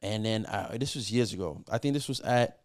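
A man's voice: lowish voice, fairly quick. Middle-aged man telling loose, profane stories. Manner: profane, loose, filler-heavy with many restarts. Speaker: podcast guest, music producer. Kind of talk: casual storytelling.

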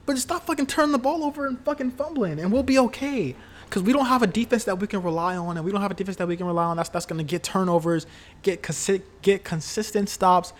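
A man talking casually about his football team, heated and profane, rambling with lots of fillers and repeated words. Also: high-pitched. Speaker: sports fan commentator. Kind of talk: casual solo sports talk.

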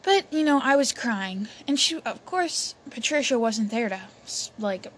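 A woman's voice: a little high, lively intonation, unhurried. Chatty young woman telling a story. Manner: chatty, many fillers and restarts. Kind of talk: casual storytelling. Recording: faint background noise.

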